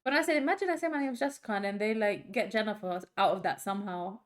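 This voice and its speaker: A woman co-hosting a podcast, chatting casually and laughing often, with quick asides. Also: medium pitch. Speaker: podcast co-host. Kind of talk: casual chat.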